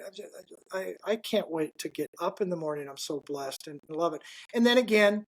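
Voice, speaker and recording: An older man, a business owner, chatting casually as a podcast guest and telling folksy stories with lots of asides. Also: sits high. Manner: folksy and anecdotal, with many asides. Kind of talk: casual interview chat.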